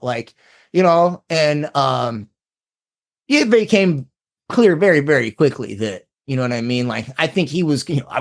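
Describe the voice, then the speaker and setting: A man with a fairly high, gravelly voice, speaking as a guest in a casual interview. He rambles, restarts his sentences and piles on fillers, then breaks into animated asides. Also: normal speed.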